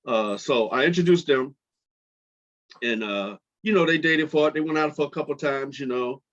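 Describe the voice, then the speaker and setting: A middle-aged man hosting his podcast, telling a personal story in a casual, animated way with lots of fillers. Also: mid-range voice, normal speed. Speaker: podcast host. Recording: dull lo-fi podcast audio.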